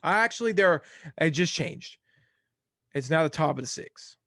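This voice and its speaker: A man's voice: a little high, animated, unhurried, bright, forceful tone, no room sound, studio quality. A young man hosting a casual sports podcast, rattling off game results in a jokey, scattered way. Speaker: podcast host.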